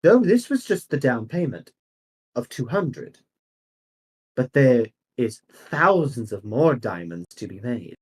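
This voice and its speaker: A man voicing a scheming female envoy pitching to a council, silky and persuasive. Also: big pitch swings, slow pace, a little mellow, husky, exaggerated voice, low-quality recording. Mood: smooth.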